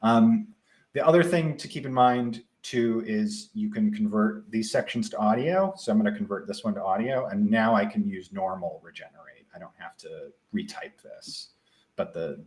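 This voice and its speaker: A young man with a Midwestern accent, casually presenting a live software tutorial with frequent ums and restarts. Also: on the low side, moderate pace. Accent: Midwestern American.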